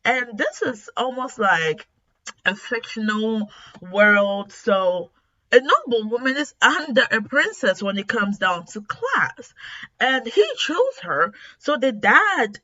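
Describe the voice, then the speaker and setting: A woman casually recapping a comic story as a reviewer, retelling it in an animated, emphatic way. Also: on the high side, slow pace, muffled recording. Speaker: webtoon reviewer.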